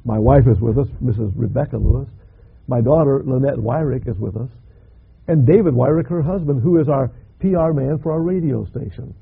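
Older man, impassioned pastor, raspy and lively delivery, dull lo-fi sound. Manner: dramatic, impassioned preaching with big swells in pitch and volume. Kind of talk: sermon. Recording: dull lo-fi recording.

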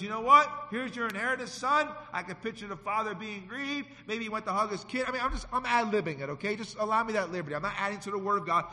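Man preaching a bright, dramatic sermon in a reverberant hall. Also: high-pitched. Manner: dramatic swings from loud to hushed, acting out quotes. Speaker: pastor. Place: church sanctuary.

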